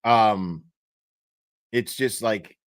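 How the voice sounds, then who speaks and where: A man's voice: on the low side, drawn-out words, smooth, no room sound, studio quality. A man casually chatting with his stream viewers, swearing often and laughing at his own jokes. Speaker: streamer talking to chat. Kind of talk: casual livestream chat.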